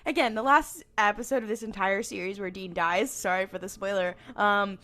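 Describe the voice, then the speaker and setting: A woman's voice: mid-range voice, steady tone, moderate pace, sharp tone. A woman co-hosting a podcast in casual chat, rambling through her thoughts with fillers and easy laughs. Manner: rambling, lots of fillers and restarts, laughs easily. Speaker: podcast co-host.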